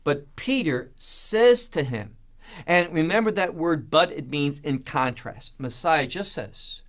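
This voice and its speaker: A man's voice: a little high, lively intonation, takes it slowly, fairly bright tone. A man teaching a verse-by-verse Bible study, asking rhetorical questions and answering them himself, with an emphatic delivery.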